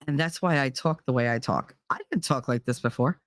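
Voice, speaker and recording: A woman's voice: very deep voice, brisk, few pauses, dry recording, studio quality. A middle-aged woman with a New Jersey accent, talking candidly and bluntly on her podcast, swearing freely. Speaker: podcast host, parent. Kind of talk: casual candid talk.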